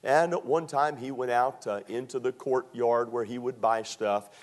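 Middle-aged Maryland preacher, average-pitched man, unhurried storytelling sermon with drawn-out emphasis. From Maryland, USA.

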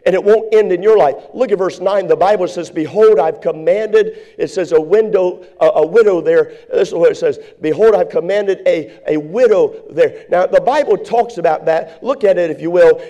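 Male pastor, high-pitched, sermon delivery with rising shouted emphasis. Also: normal speed, hardly any pauses.

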